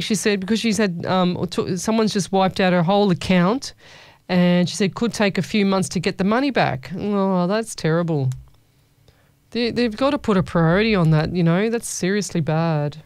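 A woman's voice: medium pitch, clear, resonant tone, dry recording. Chatty woman radio host. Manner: chatty, warm-hearted, calls listeners "lovey". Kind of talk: casual call-in radio chat. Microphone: studio microphone.

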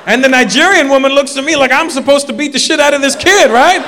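A man telling a stand-up story in an animated way. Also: very high-pitched, fast talker, slight background noise. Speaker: stand-up comedian. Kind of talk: stand-up routine. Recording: distant, reverberant stage.

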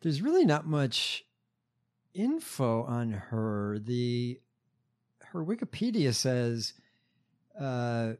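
A man's voice: mid-range voice, huge pitch swings, extremely slow, long pauses, darkish tone. A man co-hosting a podcast, chatting casually with dry, mocking asides. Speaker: podcast co-host. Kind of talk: casual chat.

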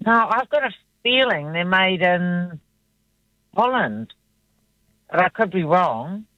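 A woman's voice: fairly low pitch, expressive, slow, no echo, lo-fi sound. Eager woman calling in by phone. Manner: hesitant, enthusiastic. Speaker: radio caller. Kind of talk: casual phone-in chat. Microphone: phone line.

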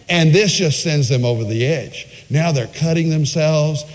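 A male preacher delivering a sermon, retelling a story with emphatic phrasing and dramatic pauses. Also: a little high, a little mellow. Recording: long hall reverb.

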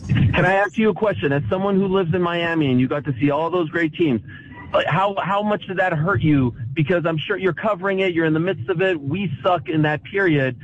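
A man's voice: sits high, a little fast, a little hiss or hum. A man in his thirties from Montreal, talking about his team with emotion, often stumbling over his words, calling himself a pessimist. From Montreal, Canada. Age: 30s. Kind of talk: casual chat. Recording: tinny phone line.

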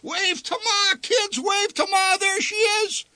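A man voicing an excitable, blustering middle-aged father in a spoken story, loud and carried away. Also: a little high, moderate pace, breathy edge, no room sound, exaggerated voice. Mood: wild yelling.

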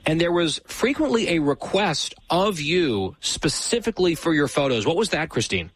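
A man's voice: fairly high pitch, sing-song, normal speed, slightly rough, rough recording. A man hosting a show, chatting casually and telling stories with a wry, teasing manner. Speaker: show host. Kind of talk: casual chat.

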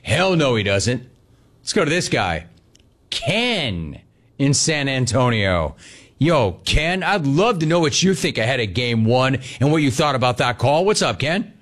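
A man's voice: medium pitch, big pitch swings, measured pace, fairly bright tone. A man hosting a sports talk radio show, emphatic and riffing on callers.

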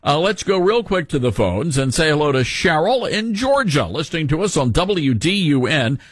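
A man's voice: on the high side, sing-song, normal speed, dry recording. A man hosting a talk radio show, giving mocking, sarcastic commentary into a studio microphone.

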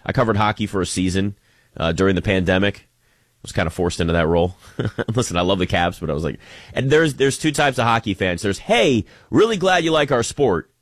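Sarcastic, animated sports talker. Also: male voice, deep voice, fairly quick, no room sound, studio quality. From United States. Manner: animated, sarcastic, emphatic with many restarts. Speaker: sports commentator. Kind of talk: opinionated sports talk monologue.

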